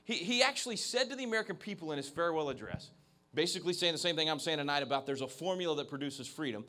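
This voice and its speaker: Speaking rapid-fire in a fairly high, expressive voice with a bright, forceful tone, this keynote speaker holds a handheld mic before an evening crowd at an event venue. He leans hard on emphasis and keeps restarting.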